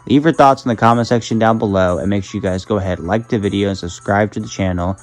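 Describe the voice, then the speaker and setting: A man who hosts his channel, narrating a fan-made story in a measured retelling style. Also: lowish voice, faint music behind, rough recording. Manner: measured retelling, leans on "however".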